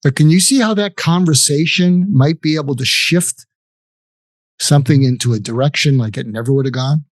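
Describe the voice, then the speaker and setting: A man's voice: fairly high pitch, moderate pace, dry recording. An older man, a psychiatrist guest in an interview, explaining techniques earnestly and acting out example conversations. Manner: earnest, acts out example dialogues, many restarts.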